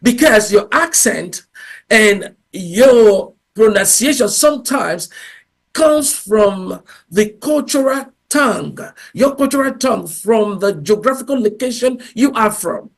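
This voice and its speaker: A man with a notably high-pitched voice delivers a motivational public talk at a university event. He speaks in an animated way, breaking into acted-out exchanges, with frequent fillers and self-corrections along the way. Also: slow pace, vocal fry. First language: English. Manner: animated, acts out little dialogues in different voices.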